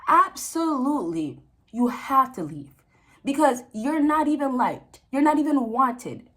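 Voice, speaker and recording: Young woman vlogger, high voice, preachy and emphatic, repeats points, chatty advice to camera. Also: sing-song, unhurried. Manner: preachy, emphatic, repeats phrases, laughs often. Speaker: vlogger giving dating advice to men. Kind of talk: casual direct-to-camera advice talk.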